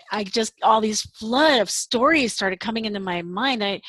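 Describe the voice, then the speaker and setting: A woman interview host talks in a reflective, affirming way. She speaks at a middle pitch, and the sound is dry and close. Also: fairly bright tone, no echo. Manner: reflective, affirming, frequent short reactions. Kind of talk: conversational interview.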